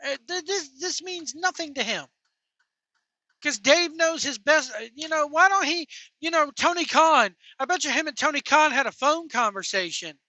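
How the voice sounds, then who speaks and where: A woman with a high, bright voice rants about wrestling from behind the wheel. She is profane and mocking, with a sarcastic edge. The sound is close and dry. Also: expressive, moderate pace, no echo. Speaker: wrestling commentary vlogger. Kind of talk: ranting reaction commentary while driving. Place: in a vehicle.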